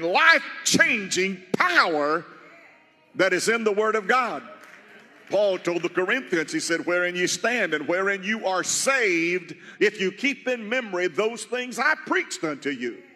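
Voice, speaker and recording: A man's voice: high-pitched, animated, unhurried, bright, forceful tone, big-room sound. A man preaching a sermon as pastor of a church, emphatic and repeating key phrases to the congregation. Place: church sanctuary.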